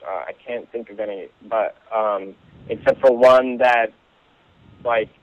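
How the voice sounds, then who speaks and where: A man being interviewed as an actor, talking casually and haltingly with many fillers and restarts. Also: medium pitch, fairly even intonation, no room sound. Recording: tinny phone line, dry.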